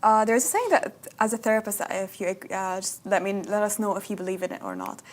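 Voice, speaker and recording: A woman's voice: mid-range voice, very animated, fairly quick. A woman host interviewing a guest, listening closely and prompting with short agreements. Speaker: podcast host.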